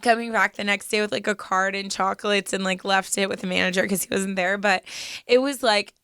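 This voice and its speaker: A woman's voice: mid-range voice, steady tone, brisk, a bit bright, smooth, no echo, clean studio sound. A young woman co-hosting a podcast, chatting candidly with lots of "like" fillers. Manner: chatty, heavy use of "like", candid and personal. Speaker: podcast co-host. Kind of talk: casual chat.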